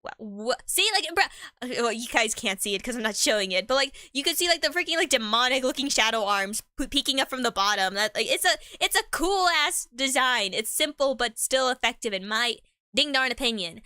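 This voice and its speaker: A woman's voice: on the high side, animated, brisk, sharp tone, no echo, clean studio sound. A woman chatting casually on a live stream, rambling in slang and laughing often.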